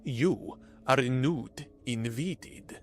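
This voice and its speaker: A man voicing an impassive male alien leader who speaks in a flat, unreadable way. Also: medium pitch, very slow, faint music behind. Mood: cold.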